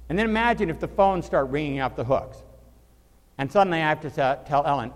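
A male pastor delivering a sermon, addressing the congregation with animated rhetorical questions. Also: a little high, fairly quick, long reverb tail.

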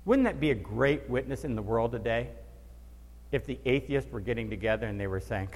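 A man's voice: mid-range voice, animated, brisk, a little mellow. A man preaching a sermon as a pastor, telling stories with animation and acting out the voices of the people he quotes. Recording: long reverb of a large hall.

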